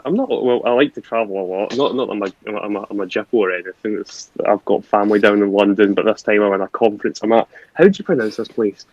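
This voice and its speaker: A man's voice: lowish voice, fairly even intonation, quick pace, hardly any pauses, a little mellow, dry recording. Stammering, swearing Scottish man. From Scotland. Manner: swears a lot, stammering restarts. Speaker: guest. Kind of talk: casual chat. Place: hotel room. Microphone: wireless earbuds. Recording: dull lo-fi earbud mic.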